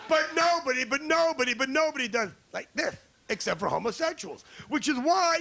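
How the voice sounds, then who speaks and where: A man's voice: extremely high pitch, gravelly, sharp tone, husky. A man from the United States doing a crude, brash stand-up routine on a comedy club stage, riffing with the crowd.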